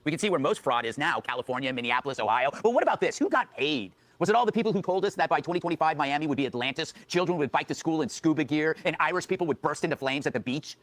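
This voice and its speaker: A man's voice: fairly high pitch, expressive, racing, few pauses, a bit bright, no room sound. A man delivering a scripted comedic monologue as a late-night host, with snappy punchlines.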